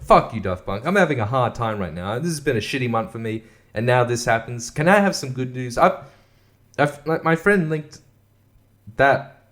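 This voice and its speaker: A man hosting a casual solo show, sarcastic and mocking, swearing often and laughing at what he reads. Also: mid-range voice. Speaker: podcast host.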